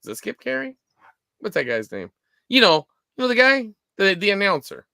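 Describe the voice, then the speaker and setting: Chatty guy in his 40s rambling thru stories, kinda high bright voice, real dry close sound. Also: normal speed, creaky, no echo. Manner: rambling, animated storytelling with frequent fillers. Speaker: co-host of a live stream show. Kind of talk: casual chat.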